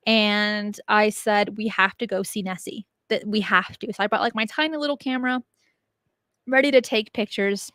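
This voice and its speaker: A woman's voice: mid-range voice, dry recording, clean studio sound. A young woman hosting her channel, chatting casually and animatedly as she answers viewer questions. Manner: chatty, animated, laughs easily. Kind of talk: casual chat.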